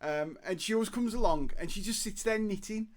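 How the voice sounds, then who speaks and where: A man telling stories in casual live-stream banter, giggling and halting with fillers. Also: high-pitched.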